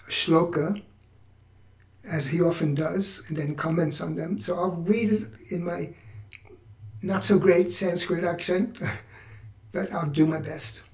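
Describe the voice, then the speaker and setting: A man hosting a spiritual podcast, talking through teachings in a relaxed, reflective way with frequent restarts. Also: fairly high pitch, far from the mic. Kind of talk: spiritual talk. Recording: echoey room, voice from off-mic.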